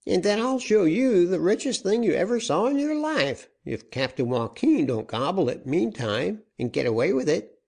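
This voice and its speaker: A man voicing a boastful male frontier prospector, talking in an excited, high-pitched way. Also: normal speed, creaky, exaggerated voice.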